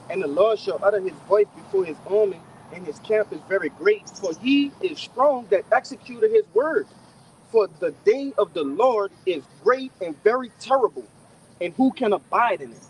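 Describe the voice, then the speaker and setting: A man leading a casual scripture discussion, reading verses slowly and solemnly, then chatting loosely. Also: high-pitched, big pitch swings, a little hiss or hum, rough recording.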